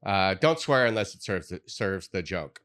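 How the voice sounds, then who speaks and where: A man co-hosting a casual chat, speaking in halting, hesitant phrases. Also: sits low, lively intonation, fairly bright tone.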